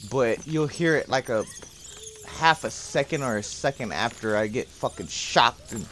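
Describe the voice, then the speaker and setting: A man's voice: medium pitch, animated, unhurried, fairly bright tone, a little hiss or hum. A young man live-streaming a horror game, swearing constantly and screaming when startled. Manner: profane, jumpy, screams in fright.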